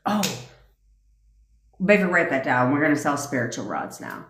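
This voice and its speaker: A woman's voice: sits low, big pitch swings, normal speed, long pauses, roomy sound. A woman coaching on a livestream, ranting bluntly and profanely and answering viewers' comments. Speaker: manifestation coach. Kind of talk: casual livestream rant.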